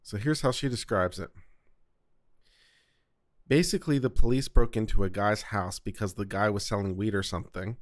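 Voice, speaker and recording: Chatty low-voiced man hosting. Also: no echo, studio quality. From South Carolina. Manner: chatty, digressive, jokey asides. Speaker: host reacting to court audio. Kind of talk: casual commentary.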